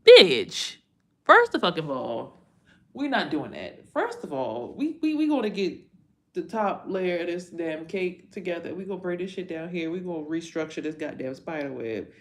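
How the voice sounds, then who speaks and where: Brief: woman livestream host, deep-pitched, rambling and profane, casual chat with viewers from home. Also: lively intonation, moderate pace, a little mellow. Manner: loose, rambling and profane, with frequent slang and side remarks. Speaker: livestream host and tarot reader.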